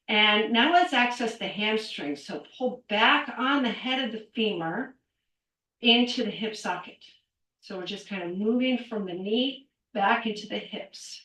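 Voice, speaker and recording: A middle-aged woman teaches a qigong class, counting aloud and cueing movements while a little out of breath. Her medium-pitched, slightly bright voice is recorded from a distance in an echoey room, away from the mic.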